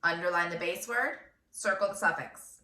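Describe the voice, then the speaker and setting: A first grade teacher woman dictating a phonics lesson, sounding out words slowly and clearly syllable by syllable. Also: fairly low pitch, pushed and bright. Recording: echoey room, voice from a distance.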